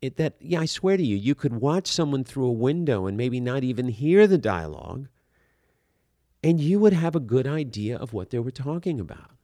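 A man's voice: mid-range voice, lively intonation, moderate pace, dark tone, dry recording, studio quality. A man talking through acting technique in an earnest, rambling way, full of fillers and restarts. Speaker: acting coach. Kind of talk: conversational teaching talk.

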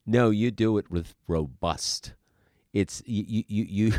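A man's voice: on the low side, slow pace, a little mellow, no echo, studio quality. A man, an acting teacher, talking through a podcast monologue in an emphatic way, asking rhetorical questions and repeating words as he makes his points.

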